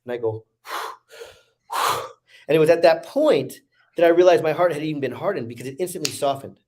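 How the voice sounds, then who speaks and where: A man, a podcast guest, earnestly retelling a deeply emotional experience and repeating phrases for emphasis. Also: lively intonation, normal speed, a little mellow. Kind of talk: emotional storytelling.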